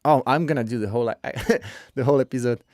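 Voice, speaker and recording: A man hosting a live podcast stream in casual chat, joking and thinking out loud while he waits for a guest. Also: medium pitch, fairly quick, no echo, studio quality. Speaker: podcast host.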